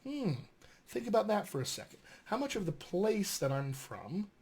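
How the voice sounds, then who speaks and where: A man who coaches dialects, speaking in a mostly General American accent and teaching a casual recorded lesson in a lively, conversational way with frequent fillers. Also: sits high, normal speed, slightly rough. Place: filmed at home with flashcards.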